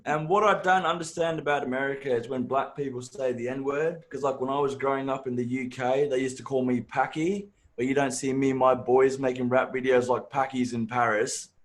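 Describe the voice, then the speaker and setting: A man's voice: medium pitch, a little fast, few pauses. A man with a mixed English and Australian accent doing a brash, profane stand-up set. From born in England, raised partly in Africa and Australia. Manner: brash, profane, animated storytelling. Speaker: stand-up comedian.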